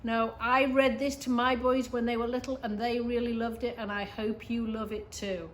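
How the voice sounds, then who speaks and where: A middle-aged woman reading a picture book aloud to children, expressive, with gasps and asides to her young listeners. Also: fairly high pitch, moderate pace, slight background noise. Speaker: reader for schoolchildren.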